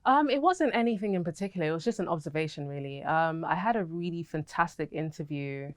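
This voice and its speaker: A woman's voice: sits low, expressive, fairly quick, soft background music. A young woman with a British accent, an actress answering interview questions in a candid, chatty way and laughing easily.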